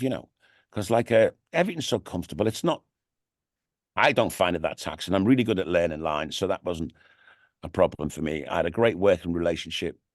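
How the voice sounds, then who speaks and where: Studio-quality audio with no room sound captures this low-voiced, middle-aged Liverpudlian in a radio studio. A radio DJ and TV presenter appearing as an interview guest, he talks in a casual, rambling way, often adding "you know what I mean."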